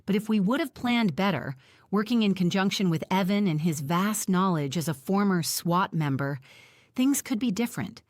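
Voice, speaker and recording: A woman narrating a first-person audiobook in a steady, reflective way. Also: mid-range voice, normal speed, no room sound.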